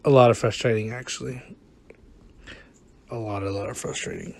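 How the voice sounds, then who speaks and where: A man's voice: fairly low pitch, fairly even intonation, normal speed, gravelly, darkish tone. A man giving rambling, exasperated, self-mocking commentary over a game. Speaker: gaming vlogger. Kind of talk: casual gameplay commentary. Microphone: close desk mic, no camera.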